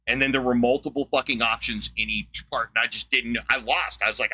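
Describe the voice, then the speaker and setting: A man hosting a livestream, ranting in a blunt, profane, excitable way, with a wheezy laugh. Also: medium pitch, fairly quick. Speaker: livestream host. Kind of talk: casual livestream rant.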